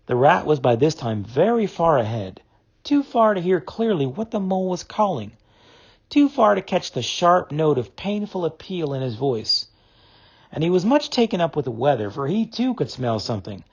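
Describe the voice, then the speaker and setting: Male audiobook narrator, husky voice, lively rising and falling delivery, slightly muffled recording. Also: on the high side, normal speed. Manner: expressive, dramatic storytelling. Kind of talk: classic novel audiobook reading.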